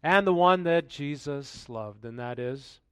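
A male pastor delivers a sermon, reading scripture aloud and then commenting on it in a relaxed, conversational manner full of rhetorical questions. His voice sits fairly high, and he speaks unhurriedly with a clean tone and no echo.

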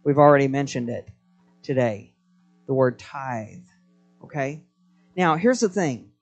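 A man preaching to a congregation in a church, his voice sitting at an ordinary middle pitch. He tells stories with plenty of energy and keeps calling the crowd to join in, while soft music hums faintly behind him. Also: a little slow, muffled recording. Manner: animated storytelling, prompting the crowd to respond. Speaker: pastor. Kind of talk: live sermon to a congregation.

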